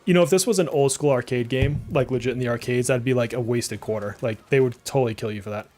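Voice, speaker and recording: A man in his thirties with a slight Massachusetts accent chats casually as a live game streamer. He rambles and reacts out loud to the action, in a voice of ordinary middle pitch. Game music plays faintly behind him. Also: fast talker. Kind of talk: casual live gameplay chat.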